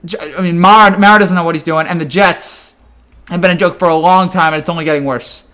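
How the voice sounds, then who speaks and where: A man's voice: on the high side, steady tone, fast, sharp tone. A man in a fan reaction rant, exasperated and ranting with frequent stammered restarts. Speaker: sports fan commentator.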